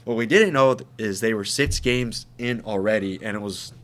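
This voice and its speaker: A man's voice: fairly low pitch, moderate pace. A young man co-hosting a podcast, telling stories in casual chat with lots of swearing and laughter. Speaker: podcast co-host.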